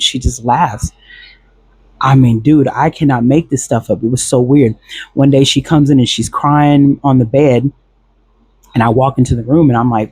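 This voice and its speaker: A man's voice: mid-range voice, normal speed, dark tone, slightly rough, dry recording. A man recounting a past relationship in a casual, rambling storytelling monologue, full of fillers and restarts.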